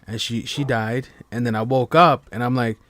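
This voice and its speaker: A man with a mid-range, somewhat bright voice and fairly even intonation delivers a casual late-night monologue on his home live stream podcast while others sleep. He speaks at normal speed with no echo, rambling, swearing heavily, and stumbling into stammering restarts.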